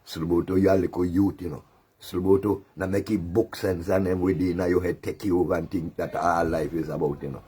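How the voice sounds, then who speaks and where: A man with a deep, low voice and a Caribbean creole accent hosts a commentary show. His tone is husky and a little rough. He taunts and lectures in a mocking, sermonizing way, laughing as he goes. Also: little pitch movement, brisk, dark tone.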